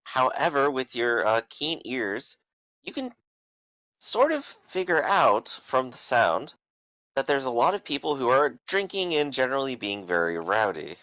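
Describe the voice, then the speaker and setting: A man's voice: mid-range voice, very animated, measured pace, sharp tone, no echo. A man running a tabletop game as game master, describing the scene with frequent "uh" fillers.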